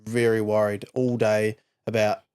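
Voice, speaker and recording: A man's voice: on the low side, little pitch movement, a little slow, darkish tone, clean tone. A man with a New Zealand accent, hosting a podcast and telling a story in an earnest, casual way. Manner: earnest, storytelling, many fillers. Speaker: podcast host. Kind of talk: casual chat.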